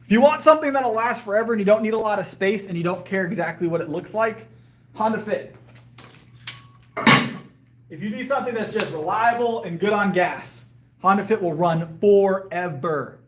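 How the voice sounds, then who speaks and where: Guy with a highish voice rambling to his stream chat, lots of ums, voice kinda worn out. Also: normal speed, a little hiss or hum. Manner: rambling, hesitant, lots of fillers and restarts. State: voice getting worn. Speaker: livestreamer and powerlifter. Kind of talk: casual live chat with viewers. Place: outdoors in a yard.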